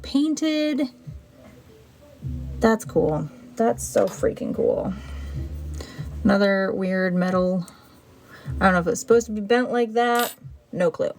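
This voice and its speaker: A woman chatting casually on a livestream as she sorts her buttons, excitable and talking to them as she goes. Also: medium pitch. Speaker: button seller sorting her finds on a livestream. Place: indoor room.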